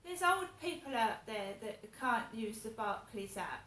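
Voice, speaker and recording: A woman's voice: fairly high pitch, animated, measured pace, bright, forceful tone. A woman, giving an indignant, repetitive and swearing casual rant as a vlogger. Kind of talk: casual ranting monologue. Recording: echoey room with faint ambient noise.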